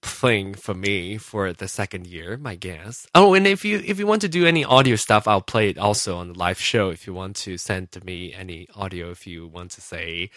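A man's voice: low-pitched, lively intonation, moderate pace, hardly any pauses, fairly bright tone, no echo. A man hosting a solo podcast, rambling casually and mocking himself as he reads out listener comments. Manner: rambling and self-mocking, many fillers and restarts. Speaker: podcast host.

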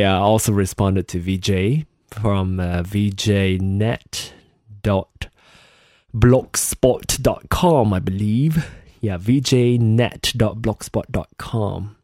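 A man's voice: on the low side, creaky, a little mellow, dry recording. A tired man hosting a casual solo podcast, rambling and chatty, poking fun at himself, close to his microphone. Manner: rambling, chatty, self-deprecating, swears offhandedly. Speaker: podcast host. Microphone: close desk microphone.

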